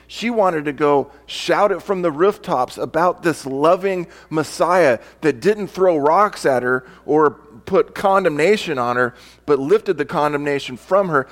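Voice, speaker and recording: A male pastor preaching a sermon, reading scripture aloud and explaining it, sometimes acting out different tones of voice. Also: high-pitched.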